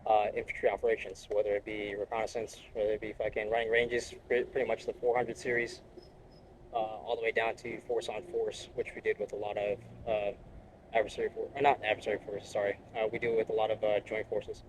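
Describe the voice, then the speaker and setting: A man's voice: on the low side, flat delivery, fast, a little hiss or hum, rough recording. A young man, a Marine reservist, talking bluntly and profanely in a casual interview.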